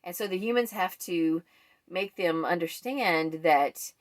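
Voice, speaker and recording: Chatty, rambling woman book vlogger, lowish voice. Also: measured pace. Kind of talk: casual book wrap-up chat.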